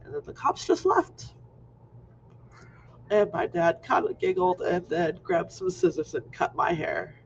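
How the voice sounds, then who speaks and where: Animated male storyteller in his fifties, high-pitched with a gravelly edge; lo-fi recording. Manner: animated, acts out scenes. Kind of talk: personal anecdote storytelling. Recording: muffled lo-fi recording with faint noise.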